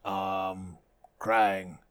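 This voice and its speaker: A man's voice: low-pitched, little pitch movement, drawn-out words, a bit bright, clean tone. A man hosting a comedic podcast in a joking, profane tone, boasting in a mock-villain persona. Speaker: podcast host.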